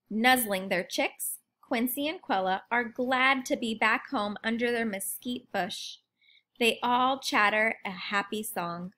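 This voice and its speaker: A woman reading a children's picture book aloud in an expressive, lively way. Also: on the high side. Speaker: storybook narrator. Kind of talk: children's storybook read-aloud.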